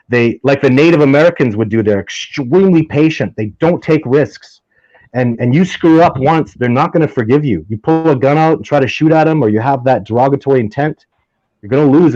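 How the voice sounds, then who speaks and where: This Sasquatch researcher, a guest in a casual interview, tells rambling, enthusiastic stories, often restarting sentences and getting heated. His voice is medium-pitched and darkish, with no room sound and the highs cut off.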